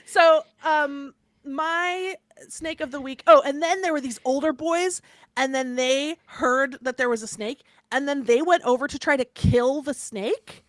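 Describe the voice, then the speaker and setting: A woman's voice: high-pitched, unhurried, no room sound. Chatty woman telling a story. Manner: chatty, animated storyteller with many fillers. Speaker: podcast co-host. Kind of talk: casual chat, storytelling.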